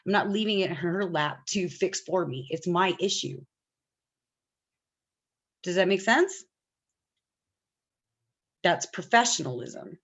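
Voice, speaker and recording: A woman's voice: lowish voice, animated, slow pace, long pauses. Chatty woman teacher quizzing her class. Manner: chatty, asks the class questions often. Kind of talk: online class lecture.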